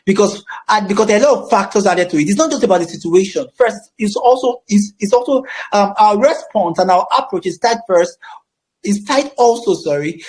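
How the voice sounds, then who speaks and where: A man's voice: high-pitched, expressive, brisk, a little mellow. A Nigerian man facilitating a counseling course, speaking emphatically with a projecting voice and often repeating his phrases. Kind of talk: teaching a class.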